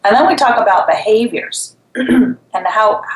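A woman's voice: a little high, expressive, measured pace, echoey room, poor audio. A woman therapist, a guest on a talk show, explaining things conversationally. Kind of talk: casual chat.

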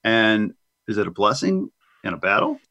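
A man's voice: on the low side, sing-song, normal speed, bright, forceful tone, highs cut off. A man hosting a radio talk show, welcoming listeners back and putting thoughtful questions to his guests. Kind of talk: interviewing guests.

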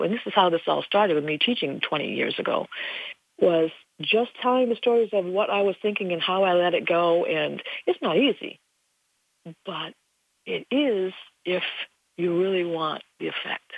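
Older woman, spiritual teacher, husky and earnest, recorded dry and close. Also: on the low side, animated, measured pace, dry recording. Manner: earnest, folksy, rambling. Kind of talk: casual spiritual monologue. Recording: dull lo-fi recording.

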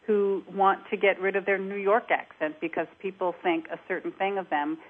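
A woman's voice: medium pitch, little pitch movement, normal speed, slightly rough. A woman working as an accent coach, talking animatedly in an interview and demonstrating accents as she explains. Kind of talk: conversational interview. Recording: tinny phone line.

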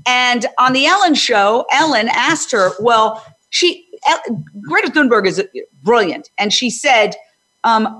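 An older woman hosting a panel discussion, talking loudly and emphatically, often digressing. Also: on the high side, animated, slow. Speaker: host.

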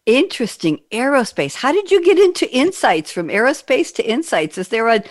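A woman's voice: fairly high pitch, sing-song, a little fast, no room sound, clean studio sound. Chatty woman hosting a panel. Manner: bubbly, chatty, laughs between questions. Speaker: panel host. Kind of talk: hosting a live online panel.

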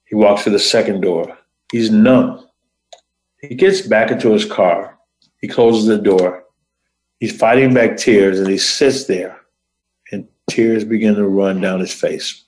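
A man hosting a show, telling a motivational story in short phrases with dramatic, deliberate pauses. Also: fairly low pitch, darkish tone, echoey room, poor audio. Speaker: host.

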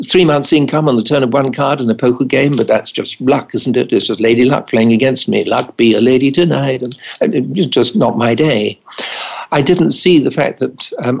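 Speaking in a mid-range voice with vocal fry and a breathy edge, an older English family doctor and addiction specialist shares wry anecdotes in an interview, voicing the dialogue himself. The recording quality is low.

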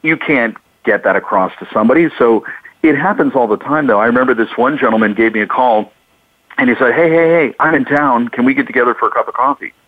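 A man's voice: medium pitch, quick pace, no room sound. A male co-host in casual radio talk, telling stories and acting out the lines of the people he quotes. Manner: storytelling, acts out callers' lines. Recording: dry, phone-like radio audio.

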